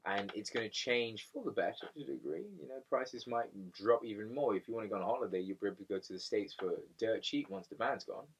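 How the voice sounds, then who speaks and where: A man's voice: lowish voice, fast talker, gravelly, few pauses, slightly rough, distant mic. A man co-hosting a casual podcast, animatedly telling a story and acting out what people said. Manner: animated storyteller, acts out quotes. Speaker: podcast co-host.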